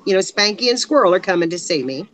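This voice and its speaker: A woman's voice: medium pitch, lively intonation, quick pace, fairly bright tone, soft background music, rough recording. A woman in casual chat on a live video call, rambling a little and laughing often. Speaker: guest on a craft live stream.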